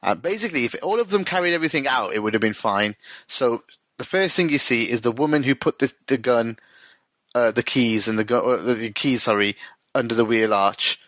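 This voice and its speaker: A co-host recaps a TV episode in casual chat, rambling through it with frequent restarts and acting out the dialogue in quotes. His voice is medium-pitched, a bit bright and fairly quick, on a dry recording.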